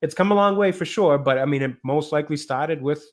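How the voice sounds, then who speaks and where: A man's voice: on the high side, a little fast. A man co-hosting a casual film review chat, talking loosely, laughing often and restarting his sentences. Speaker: podcast co-host.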